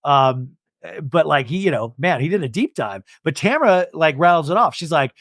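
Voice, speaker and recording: A man's voice: fairly high pitch, normal speed, no echo, studio quality. A young adult man hosting a podcast, giving a casual, jokey recap of a TV episode and acting out quotes. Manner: animated, jokey, acts out quotes. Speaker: podcast host.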